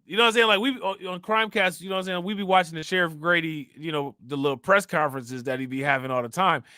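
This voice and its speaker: A man hosting a live reaction stream, talking loosely and laughing between chat shout-outs. His voice is bright and forward, recorded close and dry with no room sound. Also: on the high side, fast talker, smooth, no room sound. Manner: laid-back, laughs often, reads chat shout-outs. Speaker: livestream reaction host. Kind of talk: casual live-stream commentary.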